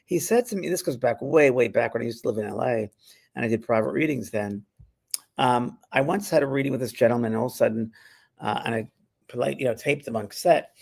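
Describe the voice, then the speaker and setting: With a medium-pitched, slightly mellow voice carrying vocal fry and a breathy edge, a spiritual medium and show host talks fast in a casual chat. He tells anecdotes, voices their characters, and laughs often.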